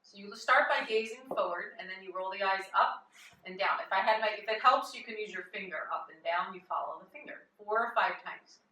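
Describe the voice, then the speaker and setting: A woman yoga teacher guiding a live chair yoga class with gentle, chatty instructions and easy laughs. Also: medium pitch, fairly quick. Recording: echoey room, voice from a distance.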